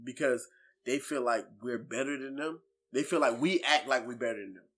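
A man chatting as a podcast guest, animated and slangy, cutting in with "hey, look" to make his point. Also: medium pitch, normal speed. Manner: animated, repeats "hey, look" to hold the floor; slangy, profane. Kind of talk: casual podcast chat.

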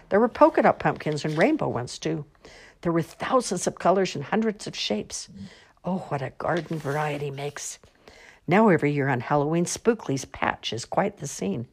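A woman with a voice on the low side reads children's picture books aloud, using an expressive, sing-song storytelling style.

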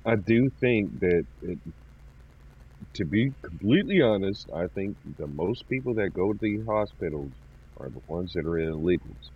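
A man with a very deep, husky voice gives blunt opinions in a casual group chat. His voice sounds dull and lo-fi. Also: expressive, normal speed.

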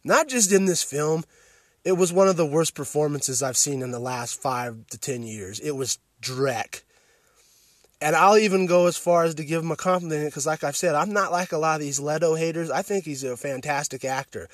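A man's voice: fairly high pitch, moderate pace, dry recording. Guy ranting on his podcast, swears a lot, dry close mic sound. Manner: blunt, heavy swearing, emphatic, with restarts. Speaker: podcast host reviewing films. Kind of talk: profane ranting film review.

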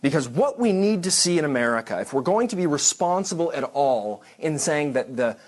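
A man's voice: on the high side, sing-song, a little fast. A man giving a church history lecture to a congregation class, conversational and digressive, with frequent restarts and dry asides.

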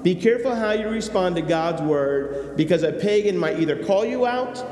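Emphatic pastor preaching in an echoey hall. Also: male voice, sits high, expressive, moderate pace, darkish tone. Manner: storytelling, acts out characters, rising to emphatic exhortation. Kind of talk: sermon. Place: church sanctuary. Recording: echoey hall with faint hum.

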